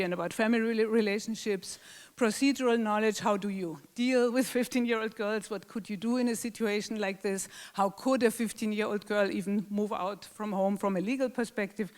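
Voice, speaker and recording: A woman giving an academic lecture, explaining thoughtfully and often restarting her phrases. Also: mid-range voice. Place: lecture hall. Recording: long hall reverb.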